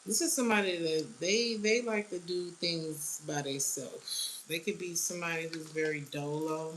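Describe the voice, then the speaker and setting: Woman, low-pitched tarot reader, blunt slang, frequent laughs; faint hiss on the track. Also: moderate pace, a bit bright, rough recording. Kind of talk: casual tarot reading.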